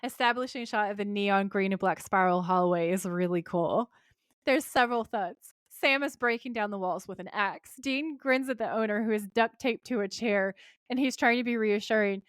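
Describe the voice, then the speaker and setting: A woman's voice: mid-range voice, moderate pace, no room sound, studio quality. A woman with a British accent co-hosting a casual podcast, animatedly retelling a TV episode and acting out the characters' lines. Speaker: podcast co-host. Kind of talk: casual chat recapping a TV episode.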